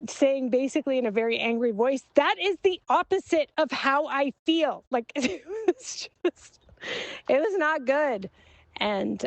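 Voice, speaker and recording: A woman recording a casual, confessional voice memo to a friend, reflective and halting, with many fillers and soft laughs, into a phone. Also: fairly high pitch, creaky. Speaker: author and guest in voice memo exchange.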